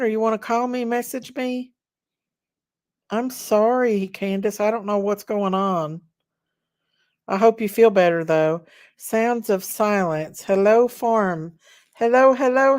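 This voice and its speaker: A woman hosting a casual livestream, greeting viewers by name in drawn-out, sing-song hellos. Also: fairly high pitch. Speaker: livestream host.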